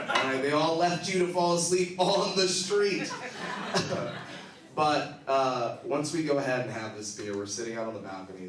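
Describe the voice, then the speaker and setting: A man doing stand-up, telling a long story with animated acted-out quotes and bursts of laughter. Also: fairly low pitch, a little hiss or hum. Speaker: stand-up comedian. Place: comedy club stage. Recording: echoey room, from a distance.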